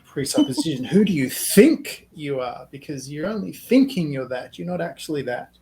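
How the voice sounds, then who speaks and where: A man's voice: a little high, big pitch swings, moderate pace, dark tone, slight background noise, poor audio. A man leading a group discussion, explaining ideas in a reflective way and laughing easily. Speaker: workshop leader.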